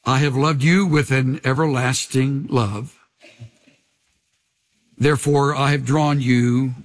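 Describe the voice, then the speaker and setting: A man preaching a sermon in an earnest way, slowing down to linger on key phrases and dropping to a hush at times. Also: on the high side. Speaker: pastor.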